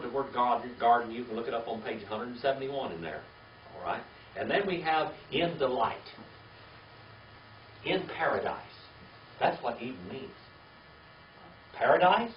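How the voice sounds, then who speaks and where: A man teaching a small Bible class speaks with a medium, expressive voice at normal speed, leaving long pauses. He asks questions, repeats key words and checks in with "all right?" after each point. A faint hiss runs under the distant, echoey, dull room recording.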